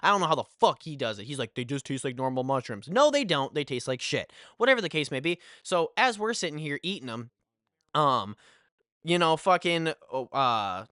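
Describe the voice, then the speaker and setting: A young man telling a casual storytime, animated and full of swearing and filler phrases. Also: on the high side, normal speed, clean tone, dry recording, studio quality.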